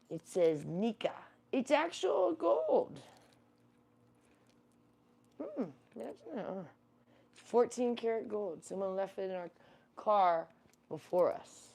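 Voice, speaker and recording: A woman hosting a casual livestream, chatting with her viewers and fussing over her rabbit between remarks. Her voice sits low, with a gravelly fry and a dark, mellow tone. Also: takes it slowly, pauses often. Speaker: livestream host.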